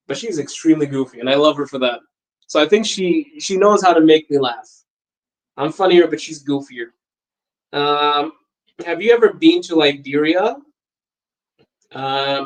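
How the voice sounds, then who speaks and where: Young male podcast host with a slightly higher voice, loose and animated, laughs easily while reading chat. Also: moderate pace, pauses often, low-quality recording. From Botswana. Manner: laughs often, animated and jokey. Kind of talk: casual live-stream chat.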